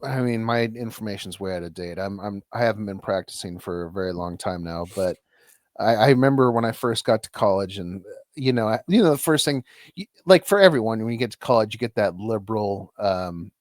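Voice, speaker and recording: A man's voice: on the low side, a little fast, no echo, clean studio sound. A young man co-hosting a podcast in a loose, rambling chat, full of restarts and self-mocking asides. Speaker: podcast co-host. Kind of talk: casual chat.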